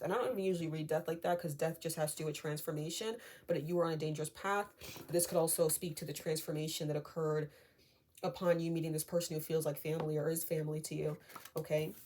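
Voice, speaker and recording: Soft-spoken woman doing a chatty tarot reading. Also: low-pitched, quick pace, a little hiss or hum. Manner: chatty, many fillers, often asks okay?; reassuring and calming. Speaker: tarot reader. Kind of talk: casual tarot reading to viewers.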